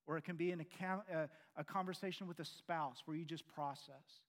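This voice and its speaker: A man preaching a sermon earnestly, pressing loud questions and then dropping to quiet, low endings. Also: fairly even intonation, brisk.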